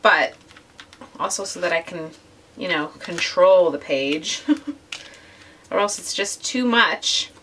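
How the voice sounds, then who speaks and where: A woman's voice: fairly low pitch, animated, slow, pauses often, fairly bright tone, recorded from a distance, slight background noise. A woman with a slightly nasal voice from a cold, chatting casually to viewers while she works on a scrapbook page. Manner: chatty and gushing, addresses viewers directly. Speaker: scrapbooking vlogger. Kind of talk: casual craft process narration.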